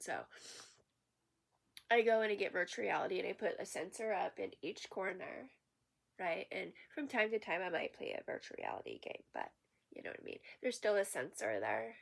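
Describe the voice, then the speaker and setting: A woman's voice: mid-range voice, sing-song, moderate pace, creaky. Woman going off on a long rambling rant, swearing a lot, worked up. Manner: rambling, profane, agitated. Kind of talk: unscripted rant to camera.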